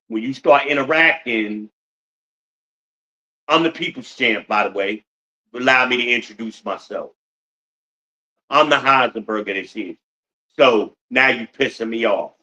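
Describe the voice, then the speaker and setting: A man's voice: medium pitch, sharp tone, lo-fi sound. A middle-aged man hosting a podcast in a blunt, profane ranting monologue, full of rhetorical questions to his listeners. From United States. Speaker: podcast host.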